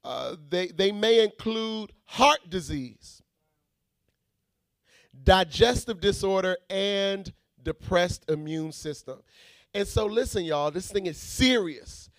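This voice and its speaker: A man preaching a sermon, swinging from shouted prayer to quiet teaching and calling out to the congregation. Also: sits high, animated, takes it slowly, dry recording, studio quality. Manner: calls out to the congregation.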